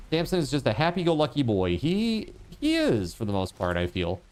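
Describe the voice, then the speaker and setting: A man's voice: medium pitch, big pitch swings, brisk, darkish tone. A man streaming a game, chatting casually and rambling to his viewers with lots of fillers. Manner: talks to chat viewers. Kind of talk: casual livestream chat while gaming.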